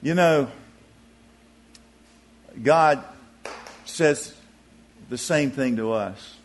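A man preaching a sermon, telling a story in a folksy, expressive way. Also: medium pitch, drawn-out words, pauses often.

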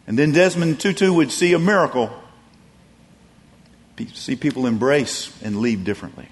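Preacher with a long hall echo. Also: male voice, normal speed. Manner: storytelling, rising to emphatic peaks then dropping soft and low. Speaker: pastor. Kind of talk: sermon.

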